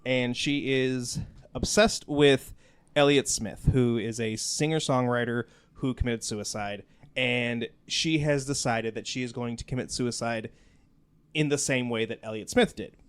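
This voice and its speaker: A man's voice: medium pitch, measured pace, clean tone. A man hosting a podcast in casual chat, rambling with lots of fillers. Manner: rambling, lots of "like" and "you know". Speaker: podcast host.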